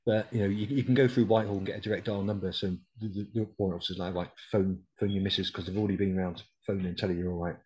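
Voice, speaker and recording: Blunt, sweary veteran man, low voice. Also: level tone, racing, hardly any pauses, darkish tone, poor audio. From United Kingdom. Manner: blunt, sweary, quotes others as he tells it. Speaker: podcast guest, decorated RAF Regiment veteran. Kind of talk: casual storytelling interview.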